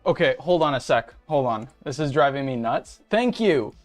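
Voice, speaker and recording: Faint music plays behind a young streamer, a self-described femboy, who hosts his channel and rants to viewers from home. His mid-range voice is expressive and at normal speed, and his chatter is rambling, profane venting picked up by a webcam and desk mic.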